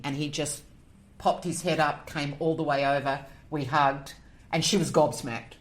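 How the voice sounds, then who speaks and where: Woman telling an animated story. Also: sits low, normal speed. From Australia. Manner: animated storyteller acting out quoted voices; emotional, moved near tears. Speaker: guest, animal communicator. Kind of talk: storytelling in a podcast interview.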